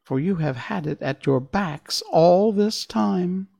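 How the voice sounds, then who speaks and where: A tiny queen of the mice speaks in a squeaky, airy falsetto, gracious and eager to help, as a man puts her on. The voice sits far above a man's usual register, with an odd, thin timbre. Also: slow pace, gravelly, warm tone, exaggerated voice. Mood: kindly, helpful.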